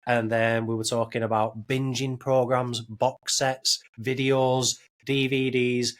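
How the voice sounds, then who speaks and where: A man's voice: medium pitch, little pitch movement, slow. A man, hosting a casual podcast and rambling with many restarts and repeated words. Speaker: podcast host.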